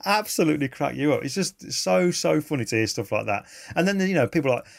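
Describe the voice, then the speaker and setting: A man, a photographer telling animated, enthusiastic stories in a casual interview. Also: on the high side, fast talker, vocal fry, a little hiss or hum. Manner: animated, enthusiastic, laughs mid-story.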